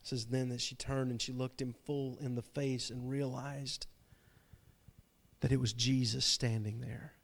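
A man's voice: mid-range voice, little pitch movement, measured pace, vocal fry. A man preaching a sermon, retelling a story dramatically and often repeating his words. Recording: long reverb from a large hall.

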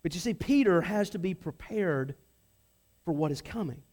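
Animated and speaking at normal speed, a high-pitched male preacher gives a sermon with a slightly mellow tone. He keeps it conversational, repeats words as he begins phrases again, and takes on voices for the figures in his story.

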